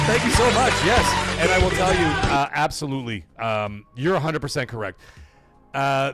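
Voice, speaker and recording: A man hosting a gaming livestream, loudly shouting out chat donations and swearing casually. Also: a little high. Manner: loud, hyped shout-outs reading chat donations. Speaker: livestream host. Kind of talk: energetic live stream chat.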